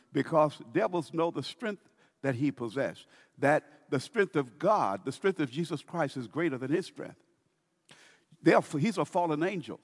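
A male pastor preaching with a lively, swinging delivery in a slightly higher register, stretching out key words and circling back over his phrases. His voice rings with a long reverb from a large sanctuary. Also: slightly rough. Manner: emphatic, drawn-out preaching with many restarts. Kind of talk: sermon.

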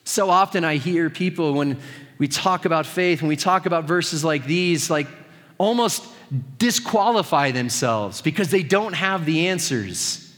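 A man's voice: on the high side, expressive, a little slow, fairly bright tone, big-room sound. A man preaching a sermon as pastor, conversational and earnest with touches of humor.

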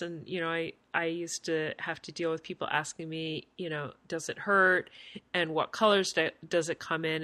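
A woman's voice: sits low, sharp tone. A woman, a henna artist, chatting casually, asking questions and agreeing eagerly with laughter. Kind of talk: casual chat.

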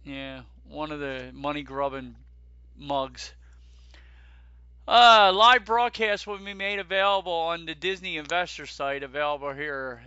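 A man co-hosting a casual chat about theme park news, animated and joking, who swears casually and keeps turning to his co-host. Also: fairly high pitch, unhurried, clean tone, no room sound, lo-fi sound.

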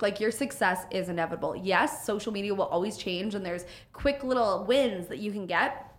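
A woman in casual podcast chat, animated and swearing freely, acting out little quotes as she talks. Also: mid-range voice, moderate pace.

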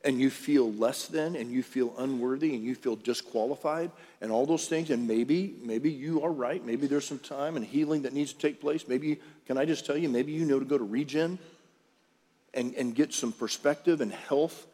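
A pastor preaches to his congregation in a large church auditorium, keeping it chatty and direct and putting questions to the room. His mid-range voice is mellow at a normal speed, heard in a reverberant hall with faint music.

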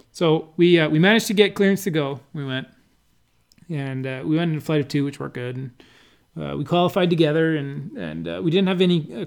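A man casually recounting flights at an air race event, pausing and restarting often and laughing now and then. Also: fairly high pitch, vocal fry, darkish tone. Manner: halting, many restarts and fillers, laughs while telling. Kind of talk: casual conversational recollection.

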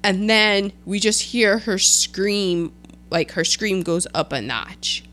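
A woman co-hosting a casual chat, recapping a film in an animated way and acting out characters' lines. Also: slow pace. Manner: chatty, animated, quotes characters in a lowered voice. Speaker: podcast co-host.

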